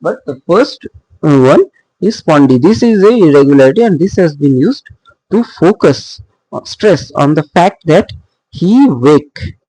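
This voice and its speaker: A man teaching poetic meter in a recorded lecture, explaining slowly with pauses and fillers as he works through examples. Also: a little high, lively intonation, mellow, slightly rough, dry recording, poor audio. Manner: slow, halting explanation with frequent fillers and restarts. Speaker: literature teacher.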